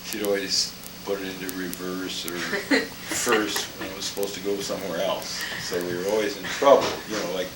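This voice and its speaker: Older man, lowish voice, rambling family anecdotes, chuckling, distant mic, echoey room, steady background noise. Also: moderate pace. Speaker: storyteller. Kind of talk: casual family storytelling.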